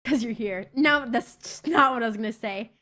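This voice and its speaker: A woman's voice: a little high, moderate pace, bright, forceful tone. A woman livestreaming and chatting with her viewers in a playful, teasing way, swearing freely. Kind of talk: casual chat.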